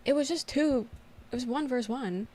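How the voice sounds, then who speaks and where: Young woman, streamer, casual live chat, slightly high voice, animated, laughs a lot. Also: normal speed. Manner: animated storytelling with frequent laughter.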